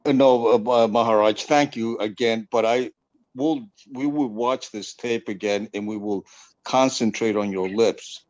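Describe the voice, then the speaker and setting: A man's voice: on the low side, unhurried, a little mellow, dull audio. Hesitant, stammering man on a call. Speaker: attendee asking a question. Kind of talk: casual question in an online class.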